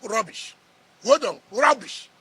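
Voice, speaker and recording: A man's voice: high voice, lively intonation, takes it slowly, bright, forceful tone, slightly rough. A middle-aged man with a Nigerian accent, a politician sparring in a heated press interview, combative and scoffing, repeating his words.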